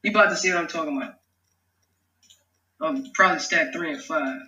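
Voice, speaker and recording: Bright, slangy man in an echoey room. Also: fairly high pitch, a little fast, distant mic. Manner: loose, slangy and profane, laughing at his own work. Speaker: rapper making his own song. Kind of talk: casual vlog talk-through. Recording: echoey room, off mic, music behind. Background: his beat playing.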